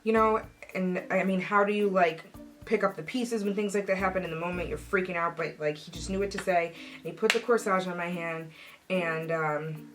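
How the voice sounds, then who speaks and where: A young adult woman telling a personal story in a casual vlog, animated and acting out the voices of the people in it. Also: on the low side, moderate pace, over music. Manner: animated, acts out quoted voices. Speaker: vlogger.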